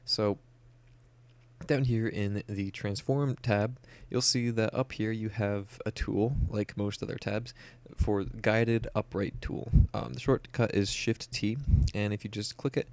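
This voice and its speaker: A young man walks through photo editing software in a relaxed tutorial. His voice sits fairly low and has a gravelly fry. He explains each step plainly and fills his pauses with "uh" and "um". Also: no echo. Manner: casual, many "uh" and "um", explains step by step. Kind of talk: screen-recorded software tutorial.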